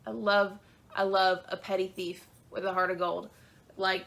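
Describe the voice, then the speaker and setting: Woman, young adult, book vlogger, chatty, gushing, bright voice, mid pitch. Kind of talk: casual chat.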